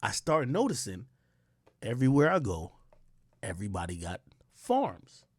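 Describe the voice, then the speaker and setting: A man telling a casual story to his live stream, excitable and full of slang and swearing. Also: mid-range voice, moderate pace, breathy edge, no echo, clean studio sound. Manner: animated, profane, slangy, excitable. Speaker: streamer and commentator.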